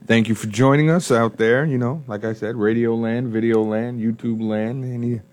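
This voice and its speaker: A man's voice: medium pitch, fairly even intonation, moderate pace, darkish tone. A man co-hosting a faith-based sports radio show, bantering casually and echoing his partner in a studio.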